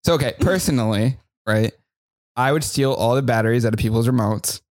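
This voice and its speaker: A man's voice: medium pitch, a little fast, no room sound. A man in his twenties hosting a podcast in casual chat, upbeat, teasing and steering the talk. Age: 20s. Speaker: podcast host.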